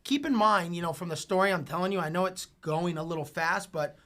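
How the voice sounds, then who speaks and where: Young man, high voice, casual podcast storytelling, rambling, profane, filler-heavy. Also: fairly quick, fairly bright tone. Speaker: entrepreneur guest.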